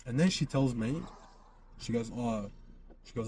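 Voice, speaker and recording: A man's voice: on the low side, moderate pace, long pauses, mellow, a little hiss or hum. A man hosting a podcast, telling a personal story in casual speech, often quoting himself and repeating phrases. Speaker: podcast host.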